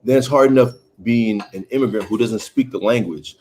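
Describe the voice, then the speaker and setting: A man's voice: mid-range voice, a little fast, a little mellow, slight background noise. A man in his thirties from Haiti, hosting a casual livestream, chatting and reading viewer comments aloud. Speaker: livestream host.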